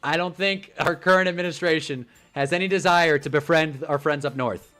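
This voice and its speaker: A young man hosting a casual football livestream, animated and rambling, joking as he reacts to chat. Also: fairly high pitch, faint music behind. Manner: animated, rambling, quick to joke.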